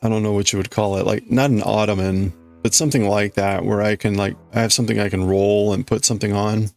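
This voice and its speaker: A man hosting a livestream chats casually with his viewers, rambling and frequently restarting his sentences. His voice is on the low side and a little mellow, with vocal fry, a steady tone, and a quick pace, over faint background music.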